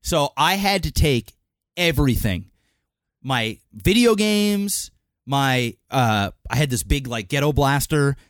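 A man's voice: mid-range voice, lively intonation, takes it slowly, fairly bright tone, no room sound, clean studio sound. A young man and podcast co-host telling a childhood story in casual chat. He swears freely and slips into voices when he quotes people.

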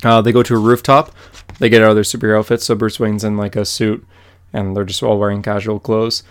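Young male podcast co-host, smooth clear voice, easygoing chatty recaps. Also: lowish voice, quick pace. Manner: animated, filler-heavy comic recaps. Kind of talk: casual chat.

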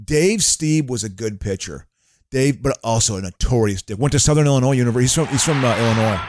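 A man co-hosting a casual chat, rambling through baseball memories and trivia with animated enthusiasm. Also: mid-range voice, fast talker, background noise. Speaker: podcast co-host.

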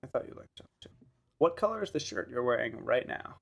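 A man with a gravelly, creaky voice banters as a podcast co-host. He jokes and laughs a lot, talking loosely with plenty of fillers. His pitch sits in the middle. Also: big pitch swings, quick pace, a bit bright, a little hiss or hum. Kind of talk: casual chat.

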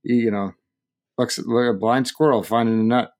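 A man hosting a sports talk show, relaxed and quick to laugh. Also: mid-range voice. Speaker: host. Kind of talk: casual sports chat.

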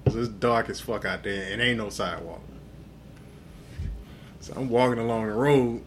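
A man's voice: lowish voice, normal speed, slight background noise. A man co-hosting a podcast, tipsy and telling a profane story with lots of acted-out dialogue. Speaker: podcast co-host. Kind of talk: casual drunk storytelling chat.

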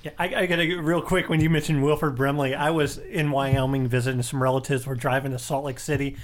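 A man's voice: medium pitch, fairly even intonation. A man hosting a podcast in casual chat, rambling with many restarts as he sets up topics. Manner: rambling, halting, lots of restarts. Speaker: podcast host.

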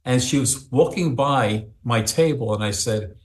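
A man tells a story in a chatty, rambling way, full of fillers as he goes. His voice sits at an ordinary pitch for a man. The sound carries a roomy echo. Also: a little slow. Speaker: psychic medium guest. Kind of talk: storytelling in a podcast interview.

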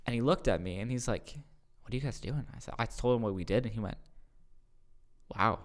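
A man, a youth pastor, telling a retreat story on a podcast in a casual, excited way, often repeating his words. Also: mid-range voice, fast talker.

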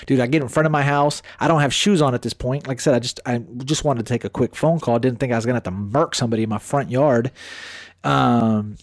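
A young man telling a story in casual podcast chat, animated and profane, acting out both sides of the scene. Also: mid-range voice, fast talker, no room sound, studio quality.

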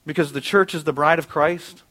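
A middle-aged pastor preaching a conversational sermon in a church auditorium, asking the congregation questions. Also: male voice, on the high side, fairly even intonation, normal speed, fairly bright tone.

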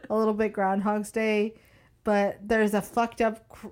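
A woman's voice: medium pitch, level tone, a little slow, a little mellow. A woman co-hosting a podcast in casual chat, making wry, sweary joking asides. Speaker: podcast co-host.

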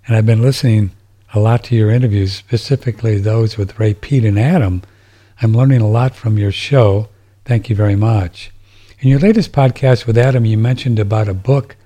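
A man's voice: on the low side, warm tone. A man hosting a podcast from home, reading listener messages and chatting casually, rambling with frequent restarts. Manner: rambling, with many restarts and fillers. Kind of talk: casual chat. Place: home, seated in a chair.

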